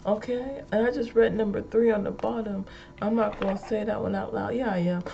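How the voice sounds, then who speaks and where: Playful giggly woman reading affirmations, husky fry in her voice, kinda muffled lo-fi sound. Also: mid-range voice, fairly even intonation, fairly quick, dark tone. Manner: playful, giggly, repeats lines with emphasis. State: high energy. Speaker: vlogger reading affirmation cards. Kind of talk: casual spoken affirmations.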